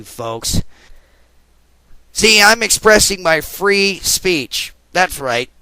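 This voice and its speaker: A man's voice: fairly high pitch, sharp tone, smooth, no room sound, low-quality recording. A man hosting his own talk radio show, delivering an angry, confrontational political rant.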